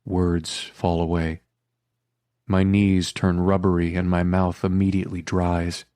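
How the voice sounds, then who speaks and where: Deep-voiced male audiobook narrator. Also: dark tone, dry recording, studio quality. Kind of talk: first-person romance audiobook narration.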